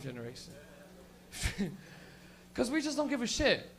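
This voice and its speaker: A man's voice: very high voice, huge pitch swings, unhurried, creaky, fairly bright tone, a little hiss or hum. A young man from Canada doing a profane stand-up comedy set at a club, acting out friends and cops in voices.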